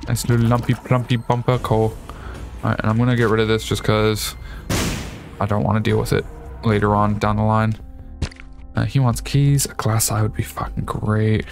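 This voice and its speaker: A man giving profane, excitable commentary as he plays a video game, shouting at enemies. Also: on the low side, normal speed, gravelly. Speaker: gaming streamer. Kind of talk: let's play commentary. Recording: game music behind.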